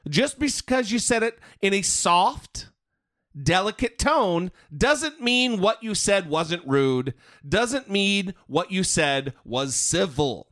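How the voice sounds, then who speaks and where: A man's voice: high-pitched, very animated, slow pace, fairly bright tone, dry recording, clean studio sound. A man hosting a political podcast, ranting with blunt profanity. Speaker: podcast host. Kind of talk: political commentary chat.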